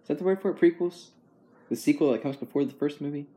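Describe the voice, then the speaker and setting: Mellow-voiced young man, easygoing. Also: a little high, rapid-fire. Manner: rambling, easygoing, chuckles often. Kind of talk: casual chat.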